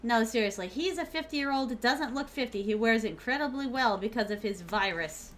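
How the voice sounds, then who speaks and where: A woman's voice: a little high, expressive, brisk. A young woman from the American South with a Southern accent, streaming a game and commenting live in a playful, teasing way, calling viewers by pet names. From Southern United States.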